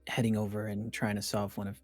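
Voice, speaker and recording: A man's voice: fairly low pitch, monotone, fast talker, a little mellow, no room sound, soft background music. A man playing a tabletop game, talking in character in a plain, easygoing way. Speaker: player.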